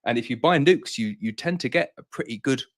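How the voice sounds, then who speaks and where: A man who owns a beekeeping and honey business hosts a live Q&A, answering viewer questions in casual stream chat. Slightly out of breath but reassuring, he speaks briskly at medium pitch with lively intonation.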